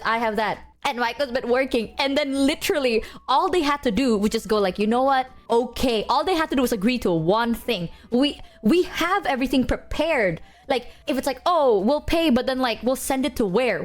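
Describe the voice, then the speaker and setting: A woman streamer chatting casually to her viewers, ranting emphatically and swearing often. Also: on the high side.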